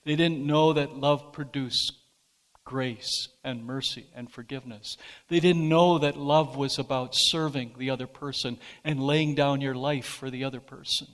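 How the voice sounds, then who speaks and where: A pastor preaching a sermon, speaking slowly and deliberately and rising to emphatic peaks. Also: male voice, mid-range voice, fairly even intonation, a bit bright, long reverb tail.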